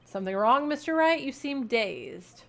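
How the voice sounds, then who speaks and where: Lady doing slow formal old judge guy from a courtroom game. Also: high voice, lively intonation. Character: older male judge, slow and mild. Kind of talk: reading game dialogue aloud.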